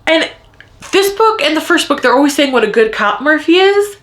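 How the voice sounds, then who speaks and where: A woman's voice: high-pitched, big pitch swings, moderate pace, fairly bright tone. A woman giving a casual vlog book review as a heated rant, swearing often and repeating lines for emphasis. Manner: heated ranting, frequent swearing.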